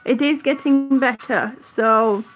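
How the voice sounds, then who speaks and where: A middle-aged woman chatting warmly with viewers on a live stream, a little out of breath, calling them honey and sweetie with drawn-out vowels. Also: sits high, soft background music. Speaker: vlogger on oxygen.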